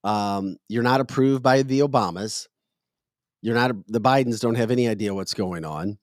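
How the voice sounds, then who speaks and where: A man's voice: fairly low pitch, moderate pace, dry recording, studio quality. A man hosting a podcast, chatting casually about politics in an emphatic, joking way that slides into a scolding tone. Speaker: podcast host.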